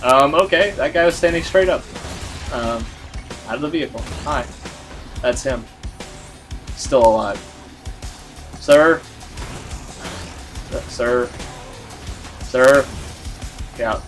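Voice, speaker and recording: A man's voice: mid-range voice, normal speed, pauses often, a bit bright, soft background music. A man giving casual let's-play commentary, rambling and filling his talk with "like". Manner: rambling, full of "like" fillers. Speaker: gaming video host.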